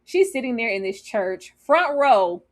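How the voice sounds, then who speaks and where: A woman's voice: fairly high pitch, very animated, measured pace. A woman on a review panel talking casually and animatedly about a TV series, laughing often and acting out scenes.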